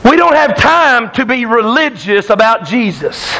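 A man's voice: very high voice, very animated, unhurried, sharp tone, low-quality recording. A man preaching a sermon in a church, telling a folksy hunting story that keeps the congregation laughing. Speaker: pastor. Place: church sanctuary.

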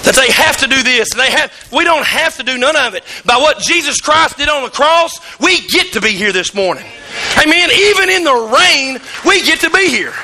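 A middle-aged man, preaching a sermon in a church, telling folksy stories and rising to shouts. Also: very high-pitched, lively intonation, moderate pace, slight background noise. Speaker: pastor. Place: church sanctuary.

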